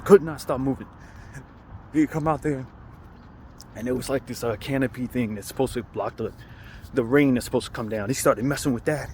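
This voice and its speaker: A man's voice: mid-range voice, a little fast, a little mellow, a little hiss or hum. A man casually telling a rambling story while walking outdoors, often chuckling. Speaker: vlogger. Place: outdoors on a city street, walking.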